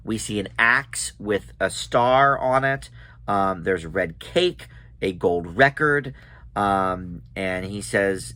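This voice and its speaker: A man's voice: lowish voice, animated, takes it slowly, bright, forceful tone. A man chatting casually as he recaps and reviews a TV episode, with many ums and restarts.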